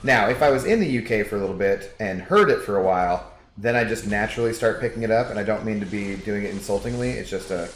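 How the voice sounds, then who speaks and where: A man's voice: on the low side, lively intonation, quick pace, hardly any pauses, a little hiss or hum. A young man casually chatting with viewers during a game livestream, rambling and reading chat messages aloud. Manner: laid-back, rambling, reads chat aloud. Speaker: game streamer. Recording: echoey room with background music.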